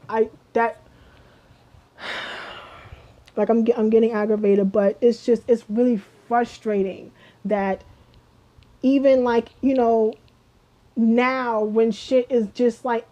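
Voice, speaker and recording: A woman's voice: a little high, warm tone. A woman ranting to camera in a vlog, heated and emphatic, swearing often and repeating herself with lots of fillers. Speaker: vlogger. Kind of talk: casual rant to camera. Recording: dull lo-fi audio.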